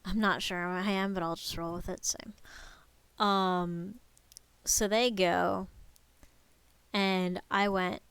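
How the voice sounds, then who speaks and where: A young woman streams a relaxed lecture, talking straight to her chat and cursing offhandedly. Her voice is smooth and clear, and the sound is dry and close. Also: mid-range voice, slow, long pauses, no room sound. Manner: chatty, swears casually, talks to chat. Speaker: streamer giving a bird lecture. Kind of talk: casual live-stream lecture.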